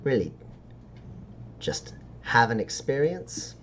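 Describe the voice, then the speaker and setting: A man's voice: medium pitch, sing-song, takes it slowly, a bit bright, a little hiss or hum. A man voicing a sly woman street dealer who talks in wheedling sales patter.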